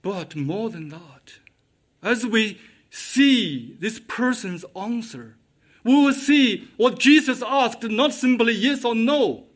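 A man's voice: very high voice, expressive, takes it slowly. A man preaching a sermon, repeating his key questions with emphasis.

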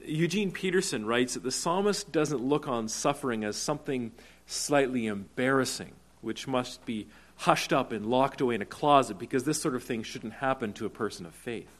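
A man preaching a sermon, deliberate and earnest, slowing down on key words and rising to urgent cries when he stresses a point. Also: mid-range voice, a bit bright. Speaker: pastor.

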